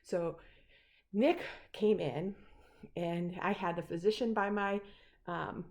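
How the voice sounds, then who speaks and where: A woman's voice: fairly low pitch, steady tone, slow, a little mellow. Middle-aged woman telling a story. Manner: rambling, many fillers and restarts. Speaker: speaker sharing a personal story. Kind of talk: casual storytelling.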